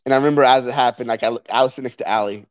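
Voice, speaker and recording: A man's voice: mid-range voice, racing, dry recording. A man chatting casually at home, laid-back and teasing, often chuckling. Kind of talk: casual chat. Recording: dull, slightly lo-fi mic.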